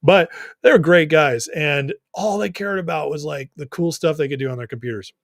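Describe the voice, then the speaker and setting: Young guy doing a political livestream, chatty and opinionated, kinda high voice, dry mic. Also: moderate pace, no echo. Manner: casual, opinionated, conversational. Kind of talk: live-stream chat commentary, reading viewer comments.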